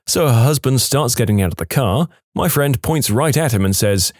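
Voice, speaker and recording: A man narrating funny reddit stories in an expressive, storytelling way. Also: medium pitch, normal speed, few pauses, no room sound, studio quality.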